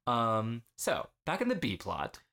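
A young man co-hosting a casual podcast, recapping an episode with an animated, laughing delivery and quick acted-out quotes. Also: mid-range voice, vocal fry. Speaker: podcast co-host.

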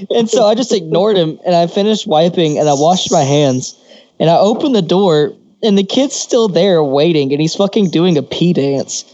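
A man with a fairly high voice tells crude stories on a podcast, laughing often and swearing freely. The sound is dry and a little muffled, like a home mic. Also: animated, measured pace, darkish tone, no echo. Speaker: podcast co-host. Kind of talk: casual crude storytelling.

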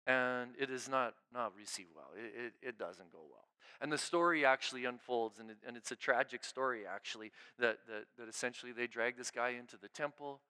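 A male pastor giving an informal, conversational sermon. He often checks in with his listeners by asking "right?", restarts his phrases, and moves from emphatic, raised lines to quiet, hushed ones. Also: medium pitch, brisk, clean tone. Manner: informal preaching, frequent "right?" check-ins and repeated restarts; swings between emphatic raised lines and hushed near-murmurs.

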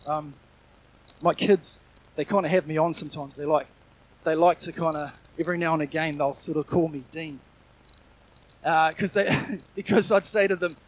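A man's voice: fairly high pitch, normal speed, long pauses, husky, poor audio. A middle-aged man preaching a sermon in a conversational, earnest way, often restarting his sentences and adding asides.

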